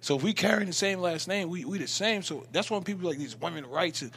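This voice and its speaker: A man chatting as a podcast guest, telling animated stories about his marriage with loud, laughing bursts. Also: high voice, fast, gravelly. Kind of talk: casual storytelling chat.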